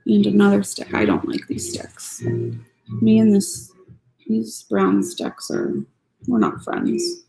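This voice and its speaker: A woman's voice: medium pitch, very animated, slow pace, gravelly, rough recording. A woman streamer chatting casually and grumbling playfully while she builds a model. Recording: soft music playing behind.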